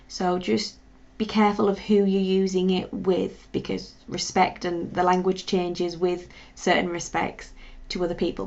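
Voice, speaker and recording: A woman teacher leads a beginner lesson in an encouraging way, spelling words letter by letter and pausing for drills. Her voice has a gravelly edge. The recording is dull and lo-fi. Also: medium pitch. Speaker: language teacher. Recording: dull lo-fi sound.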